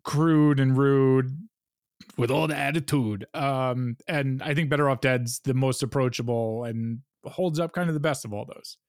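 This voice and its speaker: A man's voice: medium pitch, moderate pace, few pauses, no echo, clean studio sound. A man co-hosting a podcast, chatting casually about movies in a laid-back, hedging way, with lots of "like" and some swearing. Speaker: podcast co-host. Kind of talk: casual profane movie chat.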